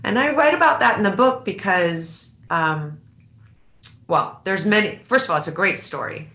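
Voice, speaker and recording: A woman in her fifties, an author being interviewed in a candid onstage talk, reflective and halting, often restarting her sentences. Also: mid-range voice, animated, pushed and bright, roomy sound.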